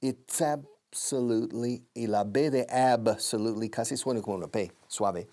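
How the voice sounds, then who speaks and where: A man's voice: medium pitch, moderate pace, warm tone. A man hosting a TV English lesson, repeating phrases over and over and switching to Spanish to explain. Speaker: English teacher and host. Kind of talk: TV language lesson.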